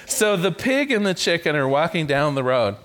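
Lively, animated male minister preaching. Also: a little high, normal speed. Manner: animated, playful, with repeated stammered restarts. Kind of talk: sermon.

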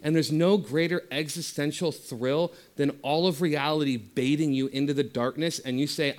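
Man, spiritual teacher; passionate talk with soft, slow guided-meditation passages. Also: fairly high pitch.

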